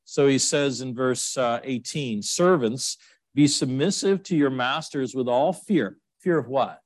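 In clean studio sound without echo, a middle-aged male pastor preaches a little slowly. The sermon is emotional and rambling, full of restarts and abrupt jumps in pitch.

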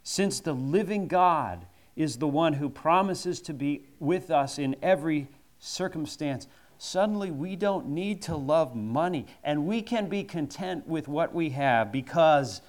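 Man, preacher, sermon, slow delivery, slightly high voice, emphatic repetition. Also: expressive.

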